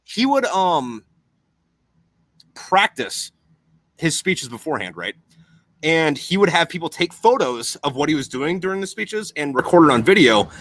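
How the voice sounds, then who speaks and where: A man's voice: on the high side, unhurried, long pauses. A young man chatting casually on a podcast, rambling and swearing constantly as he explains things. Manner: profane, rambling, animated.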